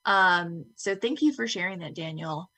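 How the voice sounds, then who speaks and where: A woman moderating a conference panel, thanking speakers and asking questions in a measured way. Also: on the low side. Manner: warm thanks, measured, many ums.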